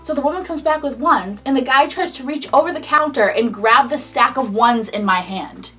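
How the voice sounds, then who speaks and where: A woman's voice: high-pitched, moderate pace, breathy edge, distant mic, soft background music. A young woman casually telling a personal story in a chatty style, full of "like". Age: young adult. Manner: chatty, frequent "like", animated retelling. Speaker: vlogger.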